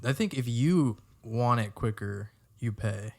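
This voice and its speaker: Gravelly laid-back podcast guy. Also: mid-range voice, expressive, a little mellow. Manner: laid-back, drawn-out filler-heavy talk, swears casually. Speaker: podcast co-host. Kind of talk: casual chat.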